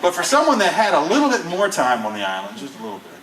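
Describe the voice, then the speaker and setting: A man with a bright, forceful voice spins his anecdotes in a loose, chatty way, laughing often as he goes. He is picked up from a distance in an echoey room with a little noise underneath. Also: fairly high pitch, rapid-fire, some chatter behind. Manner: animated, laughing through anecdotes. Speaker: guest recounting a survival show. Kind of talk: casual storytelling.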